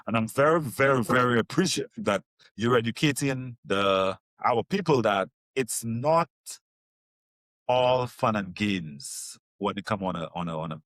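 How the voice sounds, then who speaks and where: Male podcast host, very lively pitch, dry close sound. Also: measured pace, dry recording. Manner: enthusiastic, lots of short affirmations. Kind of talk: casual interview chat.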